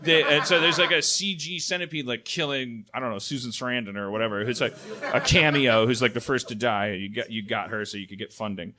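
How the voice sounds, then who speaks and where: A man's voice: medium pitch, a little fast, crowd noise. A man hosting a live comedy podcast, riffing in a rambling, profane way with many restarts. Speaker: podcast host.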